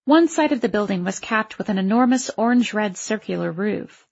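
A woman's voice: mid-range voice, expressive, normal speed, vocal fry, darkish tone, lo-fi sound. A woman narrating a first-person story aloud, in a wry, self-conscious voice. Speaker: audiobook narrator.

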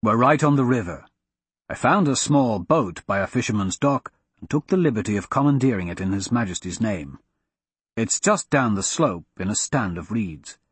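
A man playing a calm, quiet thief. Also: fairly low pitch, normal speed, breathy edge, dry recording. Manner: calm, understated reporting.

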